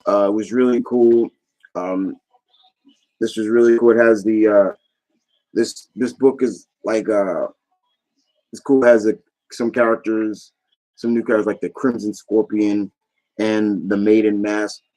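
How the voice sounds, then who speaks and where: A man's voice: fairly low pitch, steady tone, measured pace, pauses often, dark tone, low-quality recording. A man chatting casually on his vlog, rambling enthusiastically and often trailing off mid-thought. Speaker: YouTube vlogger. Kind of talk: casual chat recap.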